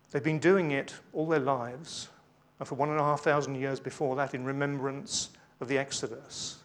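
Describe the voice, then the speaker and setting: A man's voice: mid-range voice, flat delivery, moderate pace, few pauses. A man preaching a sermon, reading scripture aloud with emphasis between conversational asides with light humour.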